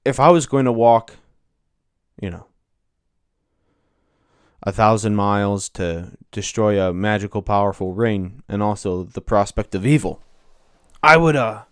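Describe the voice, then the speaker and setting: A man's voice: on the low side, lively intonation, measured pace, long pauses, clear, resonant tone, no room sound, studio quality. A man hosting a solo podcast, talking casually and rambling, interrupting himself as he goes. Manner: rambling, self-interrupting, offhand. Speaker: podcast host.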